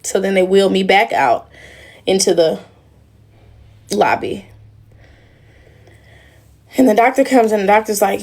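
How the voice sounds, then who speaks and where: A woman's voice: medium pitch, normal speed, gravelly, pauses often, a little mellow. A young woman on a casual livestream, talking emotionally and in a rambling way straight to her viewers. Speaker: livestream host.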